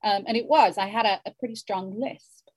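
A woman's voice: medium pitch, moderate pace, breathy edge, no echo. A woman in her fifties, a novelist, musing in a rambling interview with many restarts. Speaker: novelist guest. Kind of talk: reflective interview conversation.

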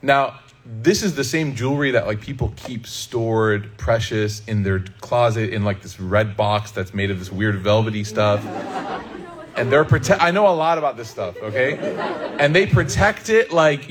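A man from Chicago giving a conversational religious talk, lively and humorous, speaking straight to the audience. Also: mid-range voice. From Chicago, USA. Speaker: Islamic speaker.

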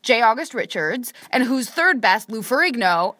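A woman's voice: a little high, sing-song, moderate pace, pushed and bright, no room sound, studio quality. A woman co-hosting a podcast, teasing and arguing her opinions in casual chat. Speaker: podcast co-host.

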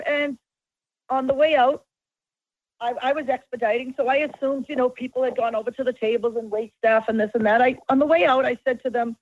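A woman's voice: high voice, no echo, narrow, tinny audio. A woman who owns a restaurant, telling stories in casual chat and acting out the dialogue. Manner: animated storyteller, acts out dialogue. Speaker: restaurant owner.

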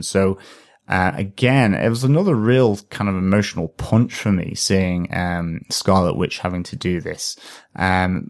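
Podcast co-host, man, low and slow-spoken, halting with ums and uhs. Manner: hesitant, many fillers. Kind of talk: casual film review chat.

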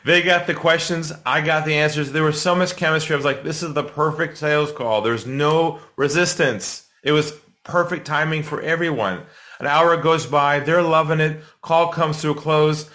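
A middle-aged man, a sales trainer and podcast guest, telling a story in an animated way and acting out quotes to build suspense. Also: on the high side, moderate pace.

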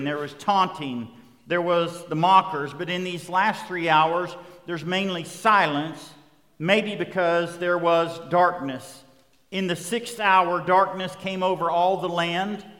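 A man preaching a sermon, building emphatic repeated refrains that rise toward loud peaks. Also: high voice, in a large hall. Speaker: pastor.

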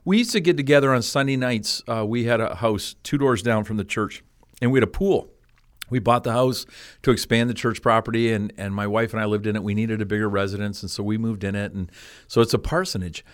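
A man's voice: on the low side, a little fast. Enthusiastic reminiscing male pastor. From Canada. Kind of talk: casual chat.

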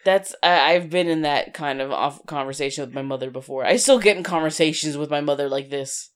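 A woman co-hosting a casual film discussion, chiming in with short, relaxed remarks. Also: low voice, brisk. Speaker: podcast co-host.

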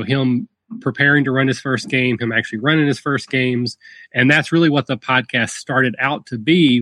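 A man's voice: medium pitch, a bit bright, no room sound. Brief: male podcast host, chatty and self-deprecating, dry studio sound. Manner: rambling, self-deprecating, frequent fillers. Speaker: podcast host and dungeon master. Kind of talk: casual podcast interview.

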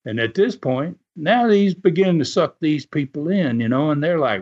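A man with a slightly high, darkish, expressive voice tells a casual story on his podcast at a moderate pace, hardly pausing. He rambles along with many "uh" fillers over dull lo-fi audio.

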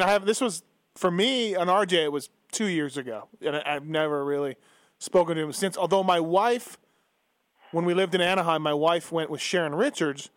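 Easygoing higher-voiced male host. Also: a bit bright, no echo. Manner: easygoing, asks questions, frequent "yeah". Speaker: podcast host. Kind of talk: casual chat.

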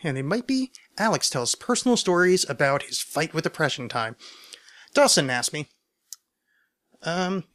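A man's voice: on the high side, animated, moderate pace, pauses often, a bit bright. A man hosting a solo podcast, answering listener questions in a rambling, stammering, self-deprecating way, overcaffeinated. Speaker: podcast host.

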